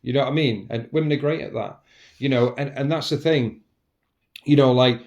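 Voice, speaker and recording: A man's voice: mid-range voice, a little fast, darkish tone, lo-fi sound. A man talking in a casual, reflective monologue as a podcast host, earnest and rambling, often restarting and saying "you know".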